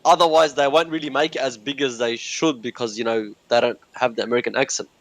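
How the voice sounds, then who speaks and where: Fast-talking Australian man, dry sound. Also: medium pitch, steady tone, no room sound. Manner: quick, chatty, repeats himself. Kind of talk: casual chat.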